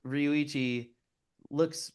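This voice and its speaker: A man's voice: on the high side, steady tone, very slow, clear, resonant tone. A man co-hosting a podcast, recapping film scenes step by step in a casual, explaining manner. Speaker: podcast co-host.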